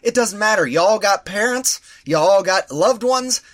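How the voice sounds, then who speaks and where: A man's voice: sits high, a little slow. A man co-hosting a podcast, ranting sarcastically in casual chat and mimicking the people who annoyed him. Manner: ranting, sarcastic, animated quoting of others. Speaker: podcast co-host.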